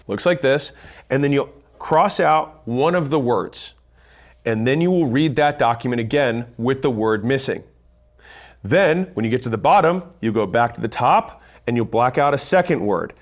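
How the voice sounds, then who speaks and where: Man, 30s, blunt sales-coach delivery, quick and emphatic, slightly higher voice. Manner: fast, blunt, emphatic, casually profane. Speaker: business educator. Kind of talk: instructional monologue.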